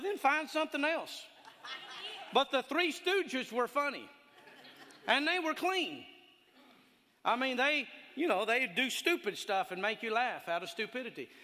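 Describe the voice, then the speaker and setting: A man preaching a sermon in a folksy, animated way, telling stories and laughing along with them. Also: extremely high pitch, unhurried. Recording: long hall reverb.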